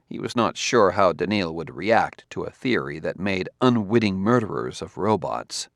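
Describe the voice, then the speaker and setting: Low gravelly guy narrating an audiobook, steady, dry close mic. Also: normal speed, no echo. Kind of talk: scripted narration.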